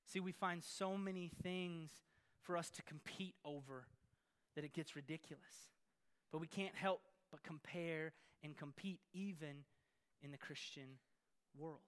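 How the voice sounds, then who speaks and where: A man preaching a sermon in an energetic, playful way, with sarcastic asides. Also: fairly high pitch, unhurried, clean tone.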